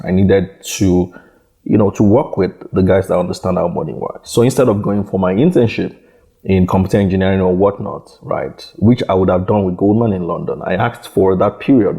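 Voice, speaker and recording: A man with a very low, dark voice answers interview questions about building a startup. He talks in a halting way, repeating words and leaning on "you know" as he goes. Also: gravelly. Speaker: startup founder guest. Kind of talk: conversational interview.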